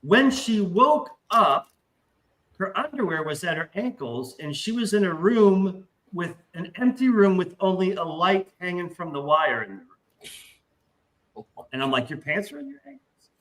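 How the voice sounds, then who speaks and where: A man telling a long anecdote in casual podcast talk, profane and animated, acting out the voices in his story. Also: high voice, measured pace, poor audio.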